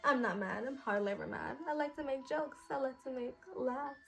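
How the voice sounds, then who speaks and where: A woman's voice: high voice, a little fast, creaky, fairly bright tone, faint music behind. A woman voicing a loving, joking female genie spirit, sweet and affectionate in manner.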